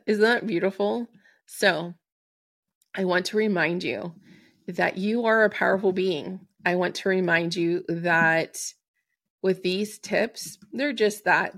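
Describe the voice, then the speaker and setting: Gravelly low-voiced woman podcast host. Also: takes it slowly, a bit bright, no room sound, studio quality. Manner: earnest, soothing, spiritual. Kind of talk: podcast advice monologue.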